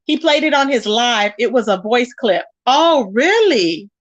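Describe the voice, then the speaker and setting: Animated woman livestreamer reading chat. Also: on the high side, moderate pace, dull audio. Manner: animated, laughs often, calls viewers baby and child. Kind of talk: casual chat.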